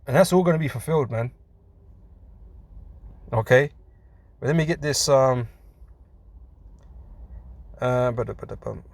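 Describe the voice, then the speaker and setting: Male preacher, mid-pitched, loose street-talk delivery, laughs between points, dry sound. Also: a little slow, creaky, pauses often, no room sound. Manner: casual, says "man" a lot, laughs between points. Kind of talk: scripture teaching.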